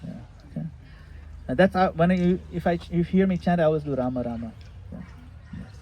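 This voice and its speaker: Man gently teaching a group, faint hiss. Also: sits high, fairly quick, rough recording. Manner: relaxed, explanatory, laughs warmly at own jokes. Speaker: retreat leader answering questions. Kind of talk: casual teaching in a group session. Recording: faint background noise.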